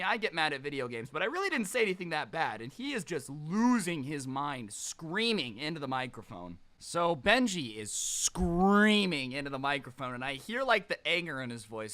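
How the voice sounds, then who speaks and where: Young guy doing a storytime, bright tense voice, sarcastic, kinda high. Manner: sarcastic, animated retelling. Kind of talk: casual storytime.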